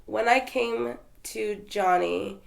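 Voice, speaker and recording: Woman, from Texas, interview guest, rambling casual storytelling, gravelly. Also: mid-range voice, takes it slowly. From Texas, USA. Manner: rambling, with restarts and fillers.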